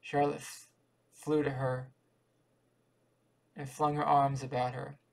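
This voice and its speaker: A man reading a short story aloud in a steady, even way. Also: mid-range voice, slow pace, poor audio. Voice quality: gravelly. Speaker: audiobook reader.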